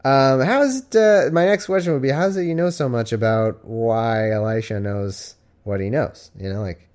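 A man's voice: mid-range voice, normal speed, a little mellow. A man hosting a live stream, reading scripture aloud and breaking off into wry, sarcastic, rambling asides. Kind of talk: casual scripture reading with commentary.

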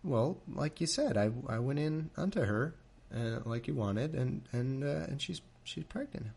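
A sheepish ancient husband hems and haws through an awkward confession, as a man voices him. His speech is full of hesitations and restarts, and it drops quieter and quieter toward the end. It sounds close to an everyday voice, only a little bashful. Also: medium pitch, expressive, moderate pace, creaky, breathy edge. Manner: hesitant, stammering, trailing off quietly.

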